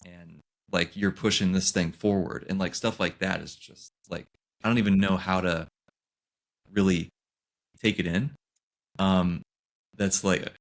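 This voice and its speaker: Low gravelly man, earnest and halting. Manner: earnest, halting, searches for words. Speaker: podcast co-host. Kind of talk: casual chat.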